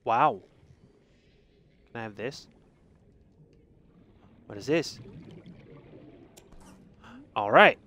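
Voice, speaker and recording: A man's voice: on the low side, extremely slow, pauses often, sharp tone. A man giving jokey let's play commentary, reading game text aloud and swinging from mutters to sudden yelps. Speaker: gaming streamer.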